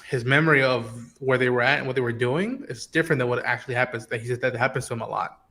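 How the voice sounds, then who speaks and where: A man's voice: mid-range voice, fast talker, bright, forceful tone, a little hiss or hum. A man hosting a casual online chat, talking in an easygoing, rambling way with many fillers. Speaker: host.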